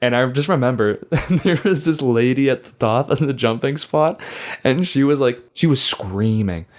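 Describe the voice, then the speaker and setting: A man's voice: mid-range voice, lively intonation, normal speed. A man about twenty, co-hosting a podcast, telling a funny story with lots of laughter and swearing. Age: young adult. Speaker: podcast co-host. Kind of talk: casual chat.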